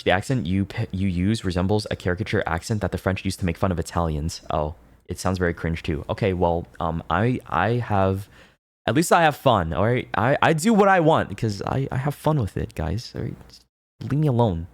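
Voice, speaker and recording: A young man with a low voice and lively intonation talks briskly into a close desk mic, with no echo. He's a VTuber streaming from home, reading confessions and chatting casually with his viewers, rambling along with laughs and swearing.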